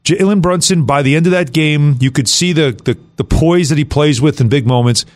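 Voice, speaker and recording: A man hosting sports radio, talking through a game with animated emphasis. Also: on the high side, fairly quick. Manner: animated, lots of fillers and restarts. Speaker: radio host.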